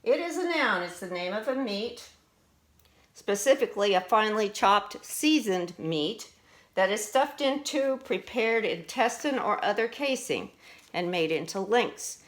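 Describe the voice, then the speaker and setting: Slow, patient woman teaching spelling. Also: mid-range voice, expressive. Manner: slow, patient, explains and asks questions. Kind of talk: spelling lesson for students.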